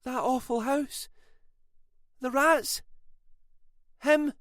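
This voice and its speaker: A woman's voice: high voice, extremely slow, a bit bright, dry recording, studio quality, voice pushed up, heavily acted. A man voicing a fragile, frightened young wife who pleads and panics. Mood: distraught.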